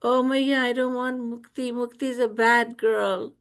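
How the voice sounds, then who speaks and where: A woman's voice: on the high side, steady tone, measured pace, clear, resonant tone, pitched above the performer's own voice. A woman voicing a small whiny boy god. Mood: tearful. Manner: childlike, whiny and pleading. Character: small mischievous boy god, playful and tearful.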